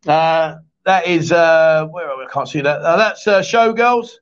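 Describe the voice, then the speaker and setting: A man's voice: fairly high pitch, a little slow, a little hiss or hum. A man hosting a live-stream chat show, teasing his co-host, rambling and reading out viewer comments. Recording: dull lo-fi stream audio.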